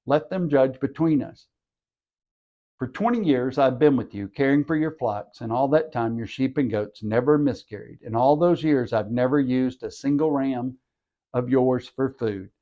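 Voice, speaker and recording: A man's voice: mid-range voice, normal speed, highs cut off, lightly acted. A man reading the part of a herdsman protesting years of unfair treatment, in an earnest way. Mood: aggrieved. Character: aggrieved man defending his long labor.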